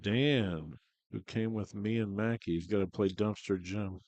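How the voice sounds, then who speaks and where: A man's voice: fairly low pitch, unhurried, darkish tone. A man calling a pool tournament in casual, chatty live commentary from the hall, talking through the shots. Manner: laid-back, chatty, talks shop about shots.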